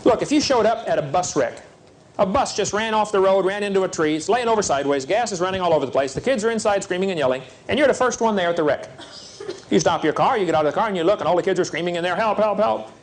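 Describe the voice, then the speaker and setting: A middle-aged man preaches with folksy, animated energy, telling stories to drive home his point. His voice sits a bit higher than most men's. A faint hiss of noise runs under the recording. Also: fast talker. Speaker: evangelist speaker. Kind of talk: preaching seminar talk.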